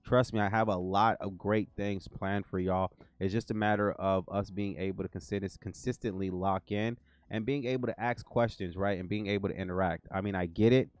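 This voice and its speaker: Low, smooth-voiced American man rambling casually. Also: fairly even intonation, fairly quick, dry recording. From United States. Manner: rambling, loose, slangy, with fillers and repeats. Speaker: livestream host. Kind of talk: casual livestream chat.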